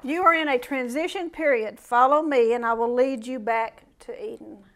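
High-voiced woman preaching casually. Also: moderate pace. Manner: conversational, animated, playful asides and mimicked voices. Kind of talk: informal sermon.

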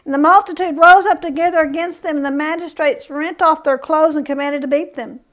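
Bible teacher, female, high-pitched, folksy and chatty between readings. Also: steady tone, fairly quick, fairly bright tone. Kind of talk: Bible study reading scripture with casual asides.

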